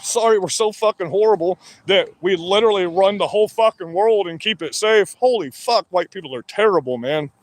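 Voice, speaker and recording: High-voiced man in a profane rant. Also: brisk, few pauses, no echo. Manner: profane, combative, heavy swearing. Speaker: vlogger. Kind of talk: angry monologue rant.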